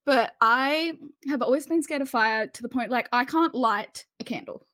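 Woman, podcast co-host, chatty and self-deprecating, a bit high-pitched, dry close mic. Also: normal speed, a bit bright, no room sound. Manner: chatty, self-mocking, rambling. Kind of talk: casual chat.

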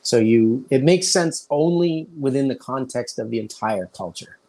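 An American man hosting a casual podcast conversation. He tells stories in a loose, chatty way, and he switches into quick put-on voices for the people he quotes. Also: mid-range voice, expressive, darkish tone. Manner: storytelling, acts out quoted voices. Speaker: podcast host.

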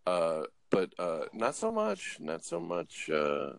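A truck driver rambles through jokey stories in a casual chat, full of uh's and restarts. His voice sits low, slow and creaky, with huge swings in pitch.

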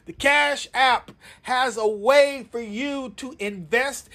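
A man's voice: very high-pitched, slow. A man hosting his podcast, talking through his announcements in a casual, playful way and calling on listeners to say lines back to him. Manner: animated, call-and-response, playful. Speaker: podcast host. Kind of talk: casual promotional monologue.

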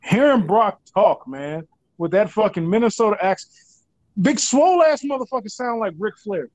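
A man joins a loose wrestling conversation, cracking jokes and swearing freely in easy slang. His voice is high and jumps about with energy. The recording is close and dry. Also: expressive, normal speed, darkish tone, no echo. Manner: profane, joking, loose slang. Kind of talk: casual chat.

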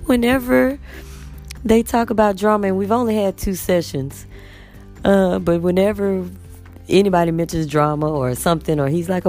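Woman, teacher vlogger, low gravelly voice, animated chat. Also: normal speed, soft background music. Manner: chatty, animated storytelling with acted quotes of students. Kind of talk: casual vlog chat.

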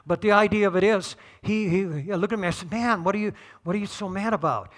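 A middle-aged man preaching a sermon, conversational and joking, rising to shouts on key points. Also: sits high, quick pace. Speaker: pastor.

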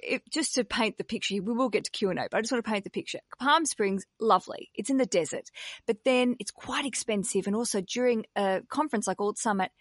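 A woman's voice: a little high, fast talker, dry recording, clean studio sound. A woman hosting a podcast, chatting casually, laughing often and swearing freely. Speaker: podcast host.

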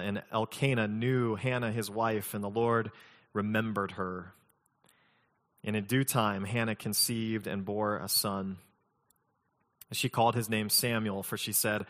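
Male pastor, low voice, relaxed conversational preaching with light humor, long hall reverb. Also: measured pace. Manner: conversational, mixes scripture reading with humorous personal stories. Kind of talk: sermon.

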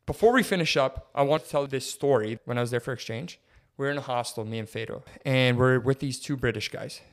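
A young man co-hosting a podcast, telling a story in a casual, animated way and filling his talk with "like" and "dude". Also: mid-range voice, brisk. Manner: animated, filler-heavy, says "like" and "dude" constantly. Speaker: podcast co-host.

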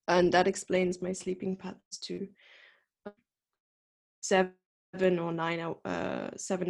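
A woman's voice: fairly low pitch, vocal fry. Giggly South African woman chatting. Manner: giggly, rambling, self-deprecating. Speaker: chess coach, podcast guest. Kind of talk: casual podcast chat.

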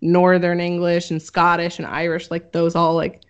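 A woman's voice: fairly low pitch, monotone, normal speed. Chatty young woman, muffled lo-fi mic. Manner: chatty, filler-heavy, laughs often. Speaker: podcast co-host presenting research. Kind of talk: casual chat.

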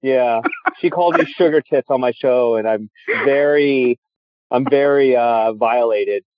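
A man's voice: medium pitch, measured pace, noisy background. A man co-hosting a casual podcast, teasing the others and making jokey guesses. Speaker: podcast co-host with his own show. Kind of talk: casual chat. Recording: dull lo-fi sound.

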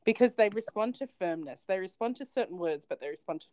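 A woman's voice: medium pitch, animated, quick pace, dark tone, no echo, low-quality recording. A woman co-hosting a podcast in casual chat, telling stories animatedly and laughing often. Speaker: podcast co-host.

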